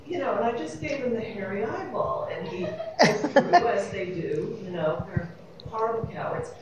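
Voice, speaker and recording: A woman's voice: medium pitch, moderate pace, a crowd in the background. A wry, rambling New woman in her fifties spins a story on a panel. She sounds far from the mic in a very echoey room, with an audience murmuring behind her. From New York City.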